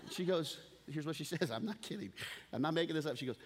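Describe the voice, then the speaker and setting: A middle-aged man preaching from the pulpit, an animated storyteller who doubles back on his words as he gets going. His voice sits a little higher than most men's. A faint hum of room noise sits under him. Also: fast. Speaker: pastor. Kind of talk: sermon.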